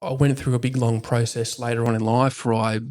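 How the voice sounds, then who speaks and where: A man's voice: medium pitch, flat delivery, brisk, a little mellow. A man who is a military veteran and father, speaking frankly and reflectively as a podcast guest and swearing freely. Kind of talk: candid reflective conversation.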